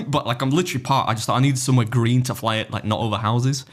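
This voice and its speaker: An English man telling travel stories on a podcast, animated and laughing, with some swearing. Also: mid-range voice, fast. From England. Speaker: podcast co-host. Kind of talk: casual podcast chat.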